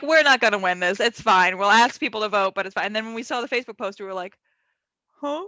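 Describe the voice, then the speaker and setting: A woman guest playwright telling stories in a bubbly, animated way during a casual interview. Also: medium pitch, quick pace, dry recording.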